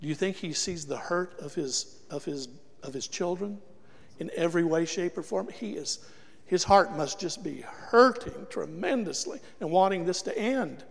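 A man's voice: high-pitched, expressive, moderate pace, vocal fry, in a large hall. A man preaching a sermon to a congregation, emphatic and throwing rhetorical questions at the listeners, recorded in a church. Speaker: guest preacher. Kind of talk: sermon with altar call.

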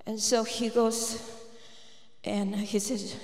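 Woman preaching, slow and earnest, long echo like a big church hall. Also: mid-range voice. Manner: earnest, acts out what others said. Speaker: speaker at a prayer gathering. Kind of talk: preaching with a personal story. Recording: echoey hall reverb.

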